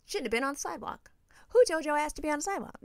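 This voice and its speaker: A woman's voice: high-pitched, rapid-fire, no room sound, clean studio sound. A woman co-hosting a podcast, telling stories in casual chat, swearing freely and acting out quotes. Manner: profane, animated storytelling with acted-out quotes. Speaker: podcast co-host.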